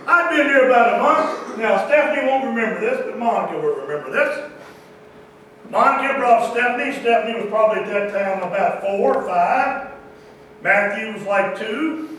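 A man telling a humorous story to a church audience in a folksy, animated way. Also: high-pitched, normal speed, a little hiss or hum. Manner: folksy, animated, Southern-style "y'all" talk with quoted voices. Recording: echoey hall, distant mic.

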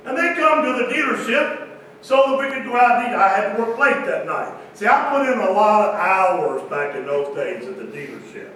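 A man telling a humorous story to a church audience in a folksy, animated way. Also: sits high, moderate pace, a little hiss or hum. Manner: folksy, animated, Southern-style "y'all" talk with quoted voices. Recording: echoey hall, distant mic.

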